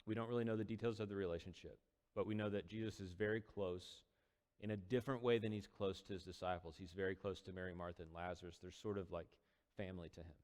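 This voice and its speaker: A man's voice: low voice, fairly even intonation, quick pace, darkish tone, in a large hall. A man casually retelling a Bible story as a teacher, conversational with quoted dialogue. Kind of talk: casual Bible study talk.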